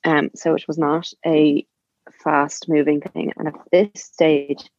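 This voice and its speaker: A woman's voice: sits low, little pitch movement, slow pace, darkish tone, dry recording, lo-fi sound. A woman telling a personal story in a chatty, rambling way, full of fillers. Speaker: guest. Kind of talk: casual storytelling.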